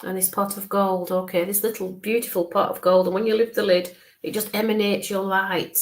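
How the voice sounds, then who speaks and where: A woman in a mid-pitched voice, neither high nor low for a woman, gives a live psychic reading. She talks softly and reassuringly, builds up each image through repetition, and keeps checking in with her listener. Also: little pitch movement. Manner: describes visions slowly, checks in with frequent okays. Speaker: spiritual medium.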